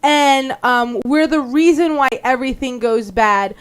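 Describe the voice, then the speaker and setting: A woman who is a studio guest on a talk radio show, telling stories with animated emphasis. Her voice sits a little high. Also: measured pace, clear, resonant tone. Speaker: studio guest, political party activist. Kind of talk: casual talk radio chat.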